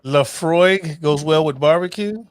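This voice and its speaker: Male host, casual chatty storyteller, slightly high voice, dry close mic. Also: a little slow, smooth, dry recording. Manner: loose, swearing, storytelling with drinks. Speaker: host of a cooking channel livestream. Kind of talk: casual chat.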